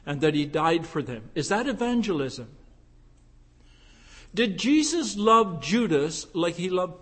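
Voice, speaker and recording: A man preaching a sermon, asking rhetorical questions and swelling from hushed tones to fervent emphasis. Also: high-pitched, slightly rough. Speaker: pastor.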